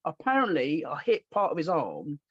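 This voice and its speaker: A man hosting a podcast, telling stories in a casual, animated way and acting out the voices of the people he quotes. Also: on the high side, normal speed, slightly rough, dry recording. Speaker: podcast host. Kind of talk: casual storytelling chat. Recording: dull lo-fi dry sound.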